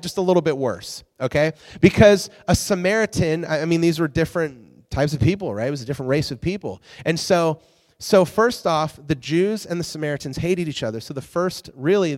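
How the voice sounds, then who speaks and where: A man casually teaching a Bible story as a preacher, animated and chatty, often restarting and checking in with his listeners. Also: fairly high pitch. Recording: long reverb in a large hall.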